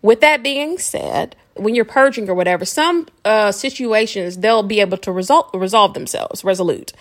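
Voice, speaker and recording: Woman, podcast host, casual spiritual self-help talk, rambling, laughs often, mid pitch. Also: expressive, moderate pace. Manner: chatty, rambling, often asks listeners "okay?"; laughs often while talking.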